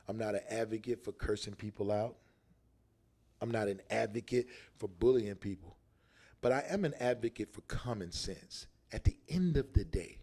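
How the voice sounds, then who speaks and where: A male podcast host lectures emphatically, sometimes shouting for effect. His voice is high for a man, gravelly, and swings widely in pitch. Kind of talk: animated monologue.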